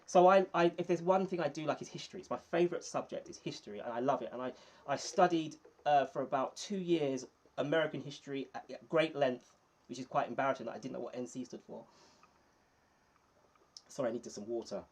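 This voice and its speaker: A man's voice: mid-range voice, fairly quick. Friendly man chatting on a livestream. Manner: chatty and friendly, thanks viewers by name. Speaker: small YouTuber hosting a livestream. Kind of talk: casual live-stream chat reading viewer comments. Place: indoors under bright lights.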